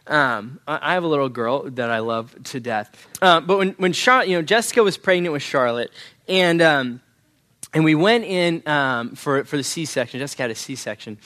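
Earnest young pastor, slightly high voice. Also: male voice, expressive, sharp tone. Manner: earnest, halting storytelling, clears his throat often. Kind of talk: sermon with a personal story.

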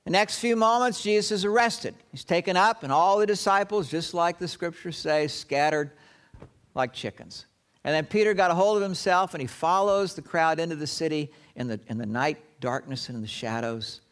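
A man preaching a sermon, telling the story dramatically and often dropping to a hushed, low tone. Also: animated, moderate pace. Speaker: pastor.

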